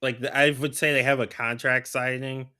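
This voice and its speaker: Podcast guy, bright voice, keeps saying like and restarting. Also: medium pitch, flat delivery, moderate pace, smooth. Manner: hesitant, restarts, many "like"s. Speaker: podcast co-host. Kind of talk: casual chat.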